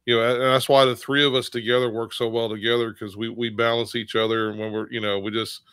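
A man's voice: medium pitch, flat delivery, fast talker, a bit bright, clean tone, no echo. A man co-hosting a casual Bible study discussion, rambling and acting out quotes with bursts of laughter. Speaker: co-host of a Bible study show.

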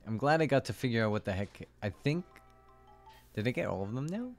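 A man casually talking through a horror game as a streamer, relaxed and chatty. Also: medium pitch, brisk, soft background music. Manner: relaxed, chatty, with light laughs. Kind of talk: casual gaming commentary.

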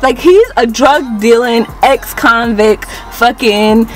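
A young woman vlogger telling a casual storytime tale in an animated, dramatic way, full of slang and swearing. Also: on the high side, slow, far from the mic, soft background music.

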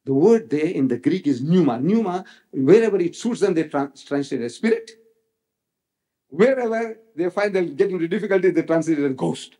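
A man's voice: a little high, expressive, a little fast, dark tone. A man giving a public religious lecture, emphatic, repeating phrases for effect and quoting scripture dramatically. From South Africa.

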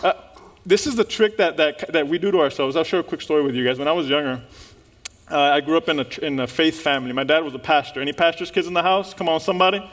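A male pastor preaching a sermon, lively and animated, firing rhetorical questions and laughing with the congregation. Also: fairly high pitch, fast.

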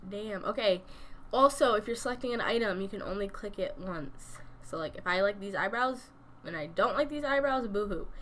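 A woman's voice: mid-range voice, a bit bright, slight background noise. A young woman giving casual gameplay commentary from home, chatty and thinking aloud, often dropping to a murmur. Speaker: gaming YouTuber.

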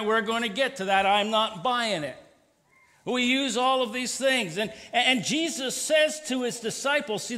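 A man preaching a sermon as pastor, animated and playful, acting out sarcastic voices with quick asides. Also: very high-pitched, in a large hall. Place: church sanctuary.

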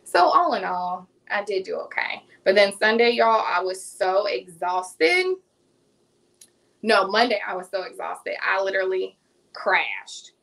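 A woman's voice: medium pitch, lively intonation, unhurried, creaky, fairly bright tone, low-quality recording. Chatty Southern woman cooking live. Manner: chatty, addresses viewers as y'all. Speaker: cooking vlogger hosting a livestream. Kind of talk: casual live cooking chat.

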